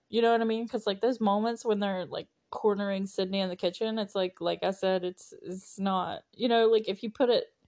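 A woman's voice: mid-range voice, a little mellow. A woman hosting a casual movie recap podcast, chatty and laughing, with lots of fillers. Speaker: podcast host.

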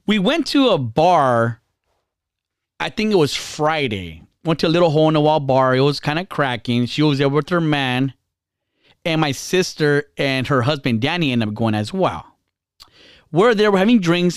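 A man's voice: moderate pace, clean tone, no echo, studio quality. A man hosting a podcast, chatting casually and telling a story with lots of swearing, acting out the quotes. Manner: animated storytelling, acts out quotes with big pitch jumps. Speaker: podcast host.

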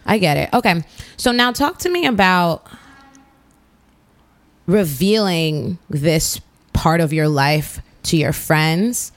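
A woman's voice: lowish voice, lively intonation, takes it slowly, pauses often. A woman hosting a casual interview, chatty and playful with loose swearing. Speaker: interviewer host.

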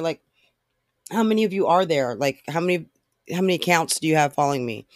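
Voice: mid-range voice, expressive, dry recording, studio quality. A podcast host ranting alone in blunt, profane, frustrated talk full of fillers. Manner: fast talker. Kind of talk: casual solo rant.

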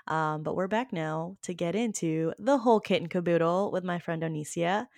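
Woman host chatting on a podcast, kinda low voice, dry and close mic, says um a lot. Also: normal speed, gravelly, darkish tone, dry recording. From Filipino family. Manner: chatty, laughs easily, many fillers. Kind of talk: casual podcast chat.

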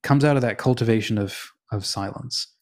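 A man co-hosting a faith podcast, telling stories in casual conversation and acting out the quotes inside them. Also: brisk. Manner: storytelling, acts out quotes with rising pitch. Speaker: podcast co-host.

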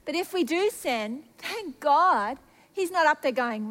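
A woman with a high voice preaches a sermon as if chatting with friends. She is confessional and self-mocking, and drops into hushed asides before rising into excited bursts. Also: a little slow. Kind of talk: sermon with personal stories.

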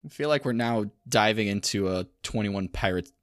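A man's voice: fairly low pitch, moderate pace, no room sound. Brief: man, podcast co-host reading articles, wry, dry close sound. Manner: reads articles aloud, dry asides. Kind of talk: casual podcast chat.

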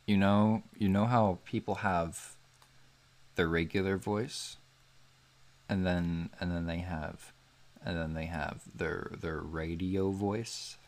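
Low-voiced man hosting a casual chat. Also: steady tone, takes it slowly. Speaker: podcast host. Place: bedroom at home.

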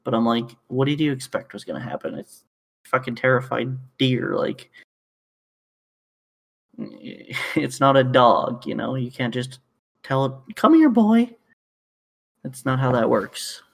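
A man's voice: medium pitch, a little slow, creaky. A man from Canada co-hosting a podcast, telling work stories in a rambling, profane way with lots of fillers and restarts. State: knee in pain. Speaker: podcast co-host. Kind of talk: casual chat.

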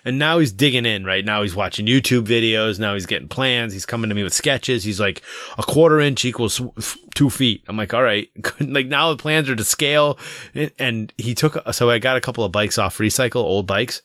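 A middle-aged father tells a long, rambling story in casual chat and acts out the voices of his kids. His voice sits at an average pitch and sounds dry and close, with little room around it. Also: fairly quick, fairly bright tone, no room sound. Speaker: parent.

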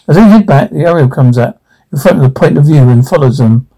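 A man reading a script's stage directions aloud, halting, with slips and restarts. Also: a little high, lively intonation, vocal fry, warm tone, husky, low-quality recording. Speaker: reader.

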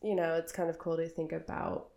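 A young American woman chatting casually as co-host, telling stories in a bubbly, animated way. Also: low voice, brisk, creaky, echoey room. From United States. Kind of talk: casual chat.

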